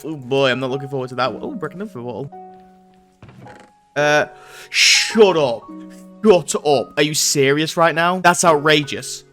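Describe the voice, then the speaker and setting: Bright-voiced man narrating his game. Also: fairly high pitch. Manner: animated, stammering restarts, frequent laughs. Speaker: gaming video creator. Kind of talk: casual gameplay commentary and narration.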